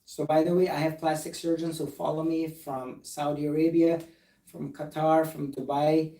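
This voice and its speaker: A man's voice: fairly high pitch, flat delivery, normal speed, vocal fry, warm tone. Earnest male surgeon, distant roomy sound. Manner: earnest, emphatic, reads documents aloud. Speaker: plastic surgeon. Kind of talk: recorded live patient discussion.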